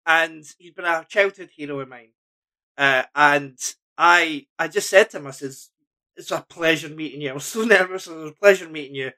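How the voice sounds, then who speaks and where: Upbeat Scottish man, bright voice. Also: a little high. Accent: Scottish, Lanarkshire. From Scotland. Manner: enthusiastic, laughs easily. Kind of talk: casual chat.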